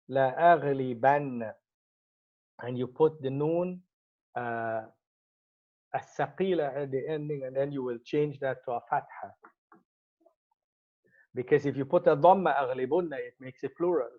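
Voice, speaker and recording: A man teaching an Arabic grammar lesson, explaining step by step and repeating each Arabic word as he goes. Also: on the high side. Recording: slightly muffled lo-fi recording.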